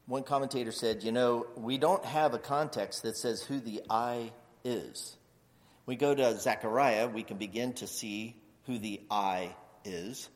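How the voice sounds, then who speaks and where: A man preaching a sermon, animated, acting out the people he quotes and rising to near-shouts. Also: mid-range voice, unhurried, long reverb tail. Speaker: pastor.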